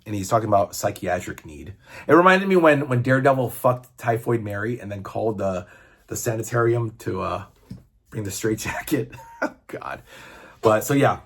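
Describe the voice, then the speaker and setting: A man's voice: on the low side, lively intonation, normal speed, a bit bright, husky. A man in his fifties, a comic book reviewer, chatting casually and enthusiastically, rambling and swearing now and then. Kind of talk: casual chat.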